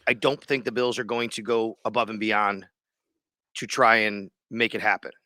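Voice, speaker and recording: A man's voice: fairly low pitch, flat delivery, normal speed, sharp tone, dry recording. A man hosting a sports podcast, also a radio host, who talks in a rambling, loose, conversational way. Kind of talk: casual sports podcast chat.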